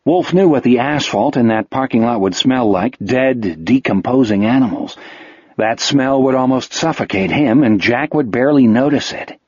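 A man reading an audiobook novel in a measured storytelling manner. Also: medium pitch, animated, darkish tone, husky, dry recording, lo-fi sound. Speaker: audiobook narrator. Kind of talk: scripted narration.

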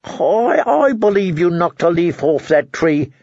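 A man's voice: high-pitched, big pitch swings, measured pace, vocal fry, a little mellow, dry recording, dull audio, voice pushed up, exaggerated voice. A man reading an audiobook, voicing a gloomy, dour man of the watch who ends his remarks with "eh?". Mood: glum, teasing. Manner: mournful, ends lines with "eh?".

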